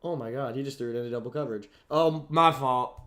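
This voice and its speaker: Teasing man with a bright voice. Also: mid-range voice, quick pace. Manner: teasing, nitpicking, playful. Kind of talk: casual sports chat.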